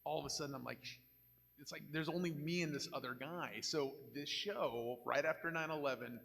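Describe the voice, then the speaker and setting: Older guy at a con panel, joking and blunt, bright voice, big echoey hall. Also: a little high, a little fast, creaky. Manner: candid, joking, animated anecdotes. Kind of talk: live panel storytelling. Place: convention panel room.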